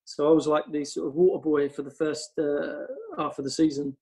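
A man's voice: fairly high pitch, flat delivery, fairly quick, creaky, dark tone, low-quality recording. A man, a football coach, telling long casual stories on a podcast, rambling with lots of ums. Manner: rambling anecdotes with frequent ums.

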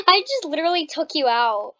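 A woman hosting a gaming video, chatting casually and playfully while she plays, quick to protest and tease. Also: very high-pitched, very animated, bright, forceful tone, highs cut off. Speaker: gaming channel host. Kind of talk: casual gameplay commentary.

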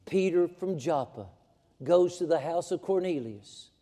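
A man preaching from the pulpit in a folksy, emphatic style that climbs to fervent heights. His voice sits high for a man yet sounds dark and mellow. It rings out with the long reverb of a church sanctuary. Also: expressive, unhurried. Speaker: pastor. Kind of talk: sermon.

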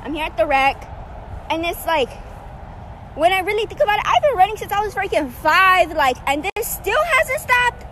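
A woman's voice: very high-pitched, sing-song, normal speed, pushed and bright, slight background noise. A young woman, a runner, ranting angrily to her phone at a park, exasperated and repeating herself. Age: young adult. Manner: heated, exasperated, repeats "freaking" and "like". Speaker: runner vlogging. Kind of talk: angry rant to camera. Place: outdoors at a park.

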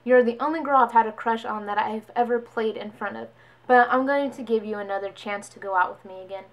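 A young woman talks straight to her viewers in a loose, chatty storytime voice. Her pitch sits a little high, and she jumps into quick impressions of the people in her story. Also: lo-fi sound. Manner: chatty, animated quoting of others. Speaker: vlogger. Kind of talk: casual storytime.

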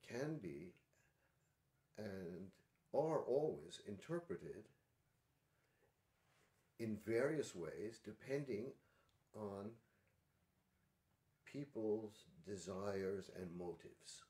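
A man hosting a livestream, talking in a thoughtful, halting way with many pauses and restarts. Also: on the low side, lively intonation, dark tone, echoey room. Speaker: livestream host. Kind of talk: casual spoken commentary.

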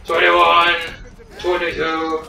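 A man's voice: a little high, completely flat delivery, slow pace, vocal fry, sharp tone. A young man playing a co-op shooter with friends, sarcastic and swearing when frustrated. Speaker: gamer playing co-op. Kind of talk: casual let's-play chat. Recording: roomy, distant mic, game music.

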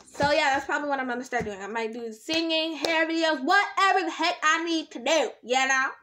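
A young woman who vlogs about slime chats casually to a nearby camera, rambling, talking to herself, and drawing out her words. Her voice is high and a little fast, with some background noise.

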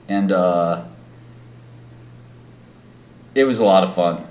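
A man's voice: deep voice, takes it slowly, long pauses, a little mellow. A man hosting a casual livestream, rambling through stories with lots of filler words. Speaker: livestream host. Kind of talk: casual storytelling chat. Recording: echoey room.

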